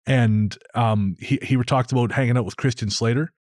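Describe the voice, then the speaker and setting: Medium in pitch and slightly mellow, this American podcast host talks at a moderate pace, rambling wryly and often starting sentences over. The sound is studio quality with no echo.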